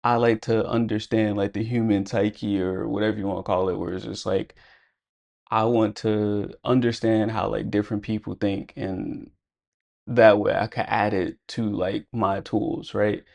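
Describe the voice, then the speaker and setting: Young male vlogger, low gravelly voice, loose reflective storytelling with lots of fillers. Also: little pitch movement, unhurried, darkish tone. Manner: casual, reflective, lots of fillers like "like" and "you know". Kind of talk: personal storytelling to camera.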